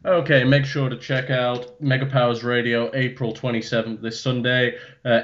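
A man's voice: lowish voice, fairly bright tone. Blunt male podcast panelist, lo-fi. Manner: blunt, crude banter. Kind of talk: casual podcast chat. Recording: dull lo-fi sound.

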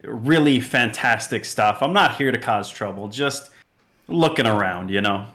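Guy playing a shifty snoop, nervous excuses, slow. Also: medium pitch, animated, fairly bright tone. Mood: defensive. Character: shifty male traveler caught snooping.

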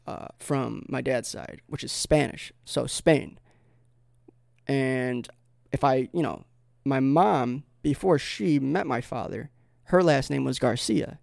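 A man's voice: a little high, creaky, a little mellow, no room sound, studio quality. A man talking to camera in a rambling, comedic vlog, full of fillers and digressions, with bursts of mock-insulting sarcasm. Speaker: vlogger.

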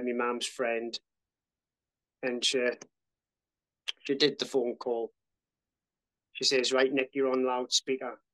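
A man's voice: mid-range voice, a bit bright, poor audio. A man, a podcast guest telling his story bluntly, swearing freely and fighting back emotion. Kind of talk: casual storytelling.

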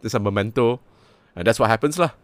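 A man's voice: fairly low pitch, fast talker, crowd noise. Blunt, swearing Malaysian-English man. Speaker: podcast host. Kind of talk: casual chat.

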